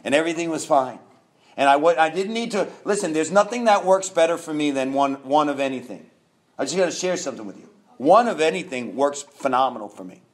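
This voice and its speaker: A man's voice: on the high side, lively intonation, brisk. A man in his fifties from New York, a guest telling his own story candidly, rambling with restarts and laughs.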